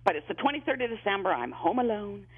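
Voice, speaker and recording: A man with a high-sitting, very animated voice talks fast with a breathy quality. He's a psychic medium on a phone-in interview, heard through a tinny line, telling stories with lots of repetition and restarted sentences.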